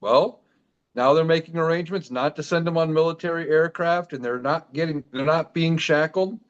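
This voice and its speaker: Guy from iowa guesting on a podcast, laid back but gets animated, dull lo-fi call sound. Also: fairly high pitch, normal speed, clean tone. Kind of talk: casual podcast chat.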